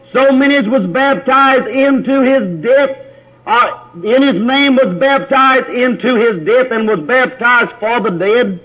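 Speaking unhurriedly in a very high-pitched voice, a man delivers a sermon in which he restates his points, asks the congregation questions and names individual brothers. It's captured on a tinny, lo-fi, phone-like recording.

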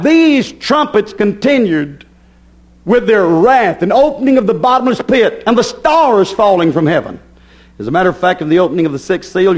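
A man preaching a sermon with fervor, building emphatic repetitions. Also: high voice.

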